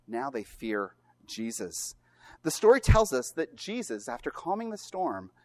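A male preacher delivering a sermon in an animated, storytelling way. His pitch rises and falls expressively as he leans into emphatic points and rhetorical questions. His tone stays earnest throughout.

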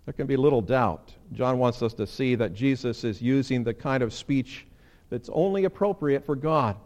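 A man preaching a sermon as pastor, animated, acting out quoted lines with sudden leaps in pitch. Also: normal speed.

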